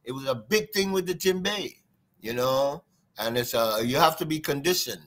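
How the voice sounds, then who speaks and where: Trinidadian drummer, male, bright lively delivery, wide pitch swings, sing-song storyteller. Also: normal speed. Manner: lively, sing-song, imitates drum sounds. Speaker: guest drummer. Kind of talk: animated storytelling interview.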